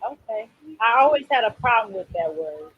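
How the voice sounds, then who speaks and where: A woman's voice: a little high, lively intonation, moderate pace, husky, no echo, narrow, tinny audio. A woman from Illinois hosting a casual live stream with clients over a laptop video call, chatty and playful with folksy slang. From Illinois, USA. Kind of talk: casual livestream chat. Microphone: laptop mic on a video call.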